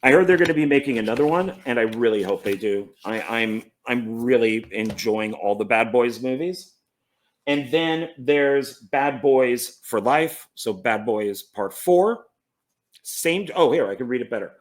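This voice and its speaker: Speaking a little slowly in a mid-range voice, a relaxed movie collector rambles through his films with obvious enthusiasm. He corrects himself along the way and trips over names.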